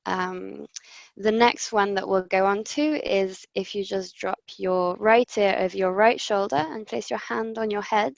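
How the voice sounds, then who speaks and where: A woman's voice: medium pitch, creaky, dry recording, muffled recording. A woman presenter leading voice and breathing exercises on a video call, giving friendly step-by-step instructions with many ums. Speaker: voice coach presenter. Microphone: computer mic on video call.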